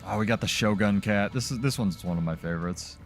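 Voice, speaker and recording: Man, low voice, casual live game stream chatter, rambling with fillers, faint music behind. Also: brisk. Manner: loose and chatty, many "like" fillers. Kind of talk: casual live gameplay commentary.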